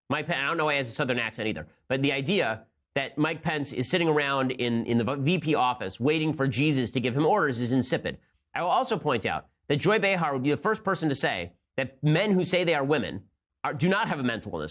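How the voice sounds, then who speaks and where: A man's voice: mid-range voice, fairly bright tone. A man delivering a combative, sarcastic political monologue as host of the show. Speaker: political commentator. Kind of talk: fast opinion monologue.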